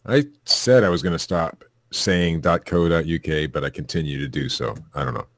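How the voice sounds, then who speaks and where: A man's voice: very deep voice, moderate pace, creaky, few pauses, dry recording. A man co-hosting a casual comedy podcast, reading news stories aloud with offhand jokes and chuckles.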